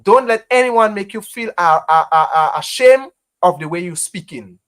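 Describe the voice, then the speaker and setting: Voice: medium pitch, expressive, moderate pace, a bit bright. A speaker from Grenada with a Grenadian accent, hosting a casual live stream and talking passionately to viewers, repeating phrases and often saying "you know". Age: adult parent. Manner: impassioned, repetitive, heavy use of "you know".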